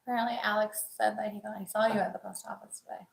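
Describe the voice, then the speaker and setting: A woman's voice: medium pitch, steady tone, very fast, creaky, breathy edge. A woman chiming in with short remarks and laughs beside the host.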